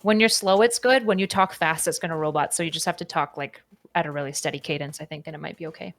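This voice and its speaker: A woman on an online debate panel, joking with the others in a quick, playful way. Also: low voice, fairly bright tone. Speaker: panel participant.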